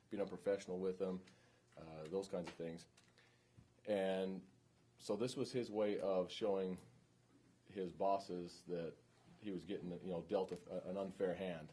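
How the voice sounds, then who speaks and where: A police instructor talks a classroom of trainees through an incident in a casual, conversational way. His voice sits low and mellow, with a husky edge. He keeps checking that they follow him. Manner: informal, checks in often with "okay?" and "right?".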